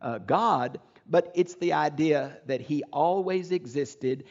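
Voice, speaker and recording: An older man teaching a Bible lecture in an earnest, emphatic way, his voice gravelly and pitched a little high. The recording sounds dull and lo-fi. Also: slow.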